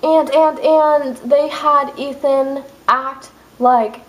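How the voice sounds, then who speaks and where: A young woman vlogger ranting angrily to her camera, fast and exasperated with sudden outbursts. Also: high-pitched, fairly even intonation, rough recording. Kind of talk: angry rant to camera.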